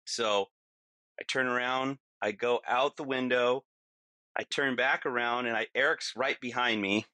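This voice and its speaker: Guy on a podcast telling a wild story, bright edgy voice, dead dry sound, lots of you knows. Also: mid-range voice, steady tone, unhurried, no echo. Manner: vivid, lots of fillers, acts out his own yelling. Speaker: podcast guest. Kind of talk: casual storytelling.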